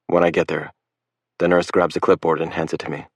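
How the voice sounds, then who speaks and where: Deep-voiced male narrator, measured first-person read, dry close recording. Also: flat delivery, no echo. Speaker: audiobook narrator.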